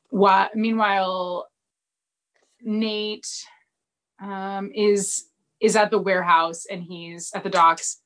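A woman, casually recapping an episode and acting out the characters' lines with bursts of laughter. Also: medium pitch. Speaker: podcast co-host recapping a TV episode. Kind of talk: casual chat.

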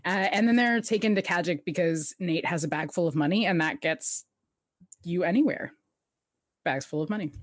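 A woman's voice: fairly low pitch, normal speed, no echo, clean studio sound. A woman co-hosting a casual chat, recapping a TV episode, laughing often and acting out the characters' lines. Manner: chatty, laughs often, animated quoting of characters. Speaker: podcast co-host recapping a TV episode.

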